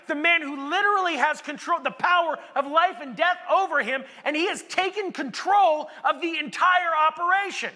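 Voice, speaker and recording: A male pastor preaching a sermon in a conversational way that builds to emphatic shouts, in a large hall. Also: extremely high pitch. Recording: echoey hall with long reverb.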